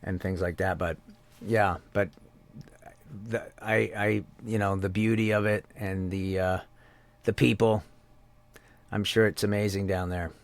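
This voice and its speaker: Low creaky Canadian man chatting. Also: fairly even intonation, measured pace, pauses often. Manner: rambling, with many restarts. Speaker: voice actor guest. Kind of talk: casual interview chat.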